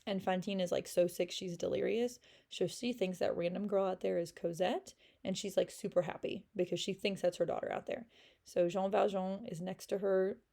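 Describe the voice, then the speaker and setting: A woman's voice: medium pitch, steady tone, moderate pace, vocal fry, dark tone. A woman teaching in a casual, chatty way, reading a French novel aloud and explaining it with lots of fillers.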